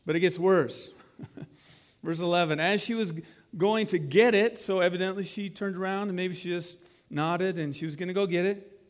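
A man with a fairly high voice preaches in a church. He talks to his listeners directly and conversationally. He retells scenes in his own words and asks them rhetorical questions. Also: moderate pace, long reverb tail. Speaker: pastor. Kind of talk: sermon.

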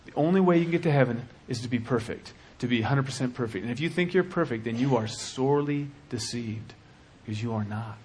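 A man preaching a sermon with passion, dropping to a hush and then rising to shouting. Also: mid-range voice, lively intonation, quick pace, hardly any pauses, a little hiss or hum. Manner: impassioned, swings from hushed to shouting.

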